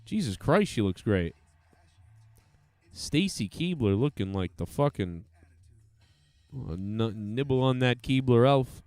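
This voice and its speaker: A man's voice: medium pitch, lively intonation, slow, long pauses, a little mellow, no echo, soft background music. A man hosting a live stream, giving casual commentary to his chat in a crude, joking, rambling way.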